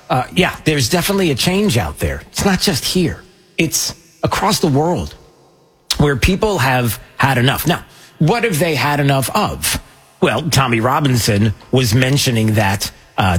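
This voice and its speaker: A man's voice: mid-range voice, husky. A man hosting a casual commentary show, rambling and joking with many fillers and restarts. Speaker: host.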